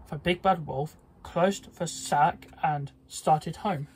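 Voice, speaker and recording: A storybook reader reading a children's story aloud, halting now and then with small slips. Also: medium pitch, a little mellow, slightly rough.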